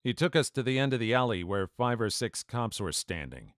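A man doing scripted story narration in an animated way, acting out the dialogue. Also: mid-range voice, brisk, no room sound, clean studio sound.

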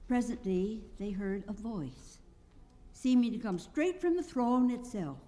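A woman narrating a classic story for a live audience at a literary evening. Her reading is expressive, the pitch swinging widely through each sentence. The sound carries a long echo from the auditorium. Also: measured pace. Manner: animated storytelling. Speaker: reader at a literary event. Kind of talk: expressive read-aloud narration. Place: auditorium stage.

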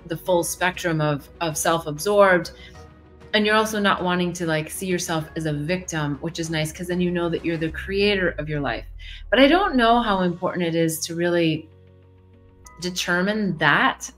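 A woman hosting a live advice session, talking in a gentle, reflective way with sudden shifts in pace. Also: lowish voice. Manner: gentle, reflective, with quick shifts in pace and playful quoted voices. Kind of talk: casual live coaching talk.

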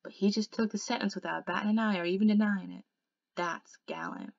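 A woman voicing a scared teenage boy, shaky and gravelly. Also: mid-range voice, big pitch swings, a little fast, no echo. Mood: earnest. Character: frightened teenage boy on the run. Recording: dull lo-fi recording.

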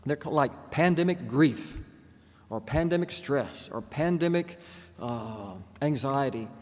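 A man's voice: medium pitch, expressive, a little mellow. Earnest older man lecturing in a church. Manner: earnest, slows down to stress key words. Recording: long reverb from church.

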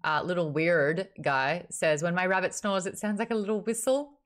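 A woman hosts a casual book club livestream from home, chatting playfully, laughing, and using baby talk to coo at her sleepy dog. Her pitch is fairly low and her pace moderate.

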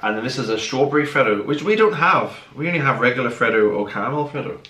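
A man's voice: mid-range voice, animated, quick pace, pushed and bright. A young man with a Northern Irish accent, joking casually while tasting snacks at home. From Northern Ireland. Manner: laid-back, joking. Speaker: vlogger's partner. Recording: echoey room, mic at a distance.

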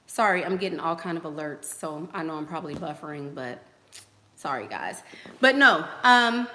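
A woman's voice: fairly low pitch, pushed and bright, echoey room. A woman hosting a casual livestream, giving advice in a chatty way, repeating phrases and using lots of fillers. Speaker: host.

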